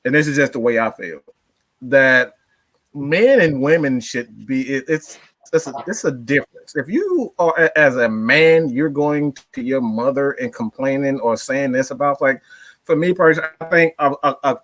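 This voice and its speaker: A man's voice: medium pitch, lively intonation, moderate pace, fairly bright tone. A man as a guest in a casual podcast chat, hesitating and restarting as he puts a question to the group.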